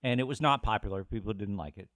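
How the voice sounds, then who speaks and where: A man's voice: lowish voice, quick pace, a bit bright, no echo, studio quality. A man from the United States hosting a podcast, bantering in a playful, self-mocking way. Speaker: podcast host. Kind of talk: casual podcast chat.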